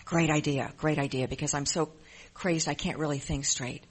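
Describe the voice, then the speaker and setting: Husky, earnest recovery testimony. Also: mid-range voice, steady tone, normal speed. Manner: earnest and emotional, often repeating phrases. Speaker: member sharing in a recovery program. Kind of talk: personal testimony.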